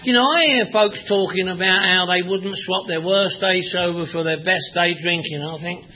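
A man's voice: sits high, moderate pace. A man from Northwest London with a London accent, speaking at a recovery meeting and giving a wry, profane personal testimony full of repetition. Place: meeting room with an audience. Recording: dull lo-fi recording, faint audience.

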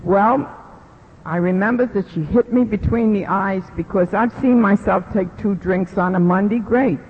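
A middle-aged woman gives an animated personal testimony at a recovery meeting, acting out the voices she quotes. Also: mid-range voice, moderate pace, breathy edge. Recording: lo-fi recording in a reverberant hall.

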